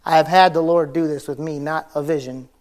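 A middle-aged man preaching a sermon as pastor, conversational, swinging between loud emphasis and quiet intensity, laughing easily. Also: on the high side, steady tone, a little fast, very noisy.

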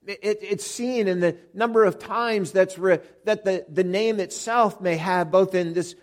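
Male preacher, high voice, unhurried delivery, expository sermon, frequent restarts, emphasized quotations. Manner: repeats words and restarts often, stresses quoted phrases.

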